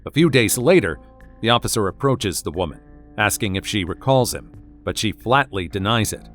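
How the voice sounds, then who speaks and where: A man reads scripted narration in a low, steady voice. Soft music plays behind him. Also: normal speed.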